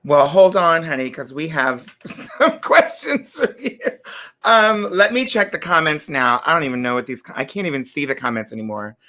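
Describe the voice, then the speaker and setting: A woman hosting a livestream interview, chatting with her guest and reading viewer comments aloud in a lively, animated way. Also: deep voice, normal speed. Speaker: talk show host.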